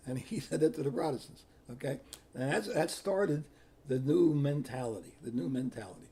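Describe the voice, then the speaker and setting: An older man telling stories in an animated way, often repeating words and acting out sounds and quotes. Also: medium pitch, normal speed, husky. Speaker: interviewee recounting history. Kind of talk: personal storytelling.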